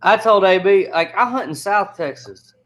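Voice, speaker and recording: A man's voice: high voice, lively intonation, moderate pace, a bit bright, rough recording. A man talking in casual chat as a guest, laid-back and amused.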